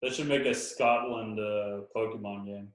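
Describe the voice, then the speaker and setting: A man's voice: on the low side, fairly even intonation, moderate pace. Casual male podcast host, jokey and loose, recorded in a roomy space. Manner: laid-back, joking, lots of fillers. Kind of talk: casual chat.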